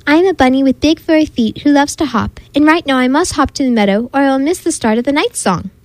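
A shy little bunny from a children's storybook, hopeful and curious, speaking in a soft, wondering way, as a woman reads him aloud. The voice is high and dry, with no room sound. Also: animated, fast, no room sound, low-quality recording.

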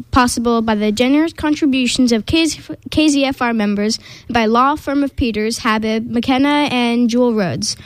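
A woman hosting a community radio show, reading announcements in a measured, deliberate and upbeat way from a studio microphone. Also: on the high side, no room sound, rough recording.

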